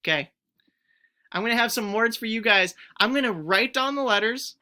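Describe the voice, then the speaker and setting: A woman teacher giving a recorded phonics lesson to young pupils, stretching out each word sound clearly and encouraging the children to join in. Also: a little high, brisk, pushed and bright. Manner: encouraging, speaks directly to children.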